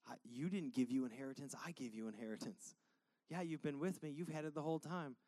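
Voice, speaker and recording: A man in a sermon voicing a patient, loving father who calmly reassures his son. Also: on the high side, rapid-fire, no room sound, voice pushed down, lightly acted. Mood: tender. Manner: gentle, soft-spoken.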